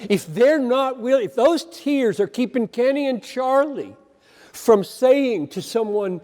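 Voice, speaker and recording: A man with a high-pitched voice preaches an earnest, emphatic sermon, repeating phrases for weight. His words ring out with a long reverb, as from a large hall. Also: lively intonation, a little slow, darkish tone. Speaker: pastor.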